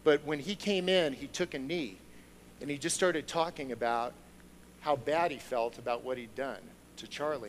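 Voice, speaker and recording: A man giving a sermon through personal stories, moving from hushed storytelling to loud, excited preaching before a congregation. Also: medium pitch, normal speed, a little hiss or hum, poor audio. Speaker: lay speaker. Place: church sanctuary with a congregation.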